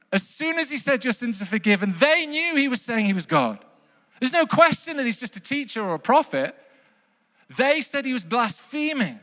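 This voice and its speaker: A man delivers a sermon with a high, swooping voice, pressing his points by repeating them and throwing questions at his listeners. His words ring out with the long reverb of a large church hall. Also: fairly bright tone. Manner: emphatic, repeats key phrases, asks the congregation questions. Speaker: preacher.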